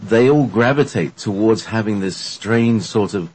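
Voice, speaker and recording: A man's voice: on the low side, measured pace, a little mellow, a little hiss or hum. A man chatting casually as a guest, rambling and hesitant with many fillers. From Britain. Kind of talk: casual podcast chat.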